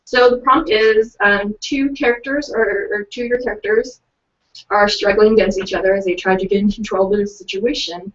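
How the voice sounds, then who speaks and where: A woman's voice: medium pitch, steady tone, moderate pace. A young woman co-hosting a casual writing livestream, chatty and giggly, reading out participants' lines. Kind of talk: casual chat, reading out submissions. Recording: distant, dull lo-fi webcast audio.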